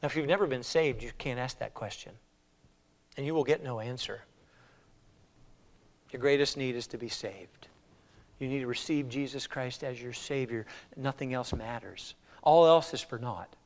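A man preaching a sermon in a church, swinging between hushed, slow appeals and loud, pleading cries. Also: medium pitch. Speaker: pastor.

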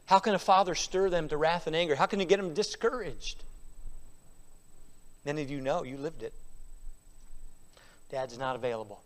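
A pastor delivers a sermon in a high, ringing voice that carries through a long hall reverb. He drops to a hushed, slow reading of scripture, then rises into loud, hammering repetition. The church space trails every phrase.

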